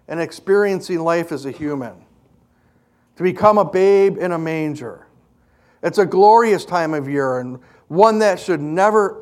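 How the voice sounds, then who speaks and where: A male pastor with a notably high speaking voice, preaching a sermon. He tells stories earnestly and with emphasis, driving each point home to the congregation.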